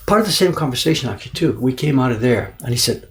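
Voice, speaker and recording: A middle-aged man casually telling an animated story on a livestream, repeating words for emphasis and acting out the people he quotes. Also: medium pitch, fast talker, a little hiss or hum. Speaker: printmaker and livestream host. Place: indoor workshop.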